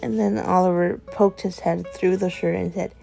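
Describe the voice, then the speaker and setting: A woman's voice: lowish voice, fairly even intonation, normal speed, vocal fry, mellow, soft background music. A woman telling an improvised story, chaining events together with "and then" in a rambling way.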